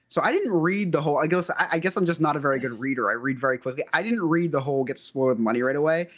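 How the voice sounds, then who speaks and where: This man co-hosts a comedy podcast, racing through a story and some listener messages with hardly a pause. His voice is a little high, and he stays animated, breaking into laughter frequently.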